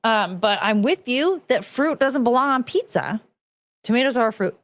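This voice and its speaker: Woman, thirties, casual host, blunt and profane, bouncy high voice, dry close sound. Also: moderate pace, no room sound. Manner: blunt, profane, animated, mocking voices in quotes. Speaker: streamer host reading chat. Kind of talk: casual chat.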